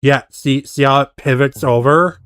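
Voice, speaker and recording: A man's voice: mid-range voice, fairly even intonation, normal speed, fairly bright tone, smooth, no echo, clean studio sound. A man streaming casual reaction commentary, skeptically picking apart how a video was faked. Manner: skeptical, picks apart tricks.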